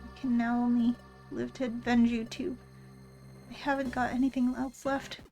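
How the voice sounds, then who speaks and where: A woman reading a lonely, gentle psychic creature. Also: fairly high pitch, flat delivery, moderate pace, faint music behind, lightly acted. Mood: tender, worried. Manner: earnest, soft-spoken reading of game dialogue. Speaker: streamer reading game lines. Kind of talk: reading game dialogue aloud.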